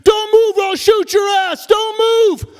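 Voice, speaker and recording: Man acting yelling cops, barked orders, high strained voice, echoing stage. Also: little pitch movement, a little slow. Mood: barking orders. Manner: barked commands. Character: shouting male police officers on a raid.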